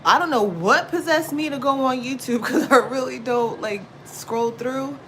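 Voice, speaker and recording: A woman hosts a tarot livestream, talking casually about spiritual matters to her viewers in a blunt, profane, chatty way, with quick asides and frequent laughs and exclamations. Her voice is on the high side, and the poor audio carries steady background noise.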